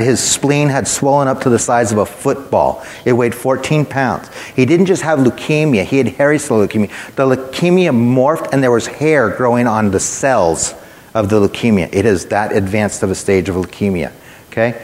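A man preaching a sermon, telling a personal story in a conversational way and speaking directly to his listeners. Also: medium pitch. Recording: long hall reverb.

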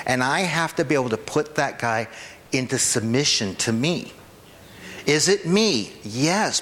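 A man's voice: mid-range voice, a bit bright, big-room sound. A man preaching a sermon in an informal, conversational way, often checking in with the congregation. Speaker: pastor. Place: church hall.

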